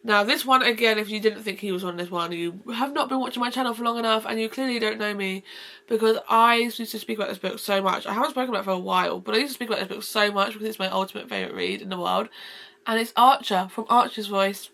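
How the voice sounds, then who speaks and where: A woman's voice: mid-range voice, lively intonation, fast talker, vocal fry, pushed and bright. A woman book vlogger gushing effusively about favorite characters in a casual, rambling way. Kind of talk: casual book-review vlog.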